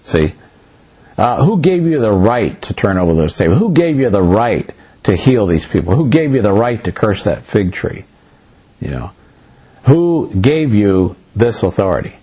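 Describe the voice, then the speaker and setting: In a low, dark, breathy voice with big pitch swings and a measured pace, a pastor or Bible teacher leads a conversational Bible study. He tells stories with animation, acts out dialogue, and restarts loosely, all in a muffled lo-fi recording.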